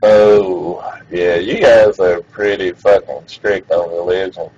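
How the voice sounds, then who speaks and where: A man streaming and chatting casually, animated and profane, laughing often. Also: low-pitched, takes it slowly, muffled recording, a little hiss or hum. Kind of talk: casual chat.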